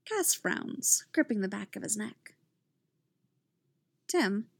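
Slow, calm woman reading a story. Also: medium pitch, creaky, slightly rough, no room sound. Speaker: narrator. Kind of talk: reading fan fiction aloud.

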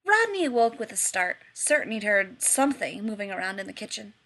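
A woman's voice: mid-range voice, sing-song, a little fast, pushed and bright. A woman narrating a story expressively in an audiobook reading.

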